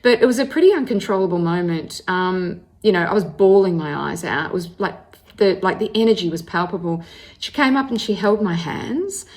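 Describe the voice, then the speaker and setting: An Australian woman in her forties telling her own story in an animated, chatty way, with many fillers and restarts. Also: lowish voice, normal speed. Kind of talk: personal storytelling monologue.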